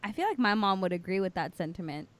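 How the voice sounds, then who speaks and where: A woman's voice: mid-range voice, expressive, quick pace, no echo. A woman co-hosting a podcast, chatting casually in a blunt, confident way with casual swearing. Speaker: podcast co-host. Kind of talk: casual chat.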